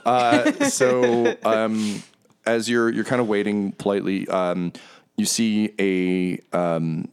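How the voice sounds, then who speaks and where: A man narrating as game master of a tabletop game, pausing often with ums and uhs. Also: lowish voice, expressive, gravelly, smooth. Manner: hesitant, many fillers.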